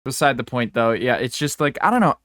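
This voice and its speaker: A man's voice: medium pitch, lively intonation, brisk, fairly bright tone, no echo, studio quality. A man co-hosting a podcast, chatting casually, opinionated and swearing, with many restarts. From American South or Southwest. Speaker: podcast co-host.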